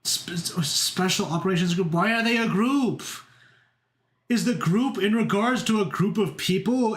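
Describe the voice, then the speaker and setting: A male streamer chatting with his viewers, rambling and excitable, tripping over filler words and swearing a lot. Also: fairly high pitch. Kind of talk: casual chat with stream viewers. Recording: echoey room.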